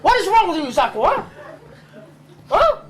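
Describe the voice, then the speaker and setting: A man's voice: very high voice, very animated, normal speed, fairly bright tone, a faint crowd, heavily acted. A man playing a stern father and village chief, scolding his son and barking "huh?" over and over. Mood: hectoring. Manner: scolding, bullying, repeats "huh?" constantly. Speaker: comic stage actor. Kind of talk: live comedy skit.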